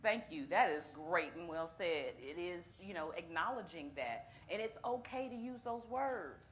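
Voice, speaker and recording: A woman leading a church group session, speaking in an animated, encouraging and direct way. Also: lowish voice, measured pace. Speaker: session leader. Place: church meeting room.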